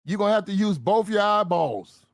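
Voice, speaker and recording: A man giving animated storytelling commentary, full of slang. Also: high voice, moderate pace, vocal fry, dry recording, studio quality.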